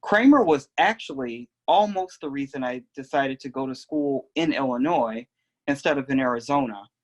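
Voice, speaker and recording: A young man telling a personal story in a gentle, reflective, unhurried way. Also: fairly high pitch, muffled recording. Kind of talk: personal oral history storytelling.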